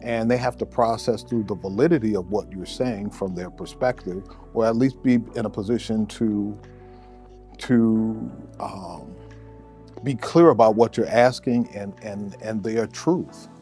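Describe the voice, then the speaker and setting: A male therapist giving relationship advice in a measured way, often repeating words as he thinks. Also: fairly low pitch, warm tone, soft background music. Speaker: therapist answering a listener question. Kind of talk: advice talk to camera.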